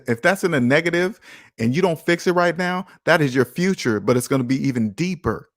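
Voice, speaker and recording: A man's voice: a little high, a bit bright, no echo. Guy in his 30s going on about money, fired up and preachy, dry close sound. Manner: passionate, preachy, repeats his points. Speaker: personal finance show host. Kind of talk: casual talk monologue.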